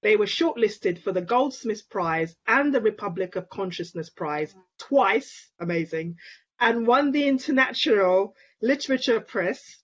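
A woman who is a guest author at an online book event, speaking softly and effusively with halting fillers. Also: medium pitch, lively intonation. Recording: dull lo-fi call audio.

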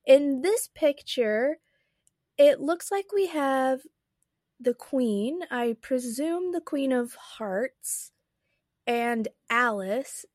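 A woman's voice: high voice, lively intonation, extremely slow, darkish tone, dry recording, studio quality. Chatty woman musing and reading aloud. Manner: chatty, wondering, amused asides. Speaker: podcast host and reader.

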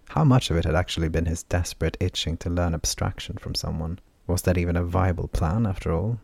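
Low, gravelly male audiobook narrator. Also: a little mellow, no room sound. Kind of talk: scripted fantasy audiobook narration.

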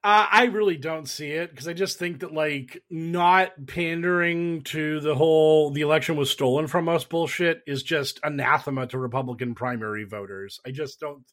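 A man talking politics on a panel, animated and mocking, often putting on sarcastic voices and swearing. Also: fairly high pitch, moderate pace, hardly any pauses. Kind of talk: casual political discussion.

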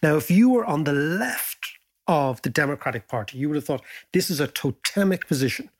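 A podcast host with a slightly high voice talks briskly in a casual, animated exchange with his co-host, cracking jokes and telling stories with energy.

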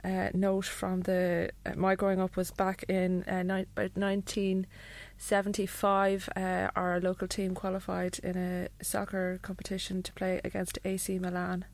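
A woman telling a dry, halting anecdote on a comedy radio show. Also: lowish voice, completely flat delivery, a little mellow. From Ireland. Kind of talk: comedy panel chat.

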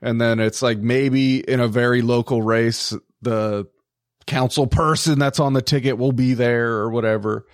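A podcast co-host talks politics casually, swearing freely and laughing often in an animated way. His voice sits mid-range at a moderate pace, captured dry with clean studio sound.

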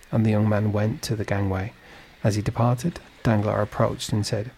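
Gravelly man reading a sleep story. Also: fairly low pitch, flat delivery, normal speed, hardly any pauses, darkish tone, a little hiss or hum. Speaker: narrator.

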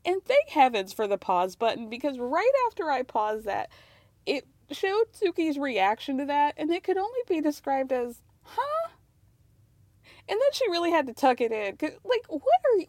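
A woman's voice: sits high, darkish tone, no echo. Sarcastic woman recapping a reality show. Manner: sarcastic, laughs often, acts out quotes in mocking voices. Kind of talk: casual recap commentary.

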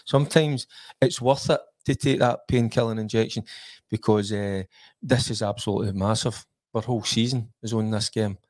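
A man's voice: on the low side, steady tone, moderate pace, darkish tone, no echo, studio quality. A Scottish man in a casual football chat, earnest and thinking aloud as he breaks down the team. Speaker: football pundit.

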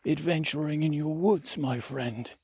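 A man voicing a dreamy, whimsical woodland adventurer with a slow, drawn-out, sing-song delivery, recorded outdoors on a handheld recorder. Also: on the high side, darkish tone, husky, pitched above the performer's own voice. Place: outdoors on a wooded trail. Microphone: handheld recorder with fuzzy windscreen. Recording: faint outdoor traffic ambience.

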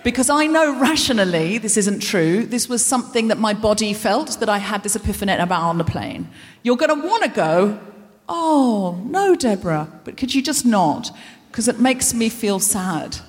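A woman host delivers a live stand-up monologue, self-deprecating and full of rambling asides. Her voice sits in a middle pitch, and a long reverb from the big concert hall trails her words. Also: animated, moderate pace, few pauses.

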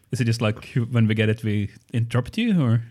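A man's voice: medium pitch, lively intonation, moderate pace, mellow. A man in casual chat with friends, hesitant, with lots of fillers. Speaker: podcast co-host.

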